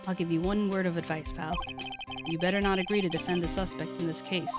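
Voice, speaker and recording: A woman voicing a gruff, good-natured young male detective who talks loudly and calls everyone pal. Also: on the low side, fairly even intonation, fast talker, natural voice. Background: game music.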